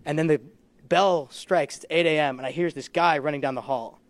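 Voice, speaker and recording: Speaking a little fast, a young comedian with a high voice delivers a stand-up set of rambling, self-deprecating stories, laughing often. Audience laughter is heard in the background.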